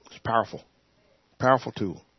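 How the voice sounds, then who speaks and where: A man leading a Bible study, preaching informally in an animated way, laughing and acting out quotes. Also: mid-range voice, moderate pace, breathy edge, dry recording. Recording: dull, muffled sound.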